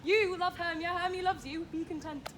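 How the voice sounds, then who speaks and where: A woman's voice: very high-pitched, fairly even intonation, moderate pace, a bit bright, slight background noise. A woman playing the lovelorn Helena in an outdoor production, delivering verse with pleading emotion. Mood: anguished. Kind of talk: outdoor stage acting of verse.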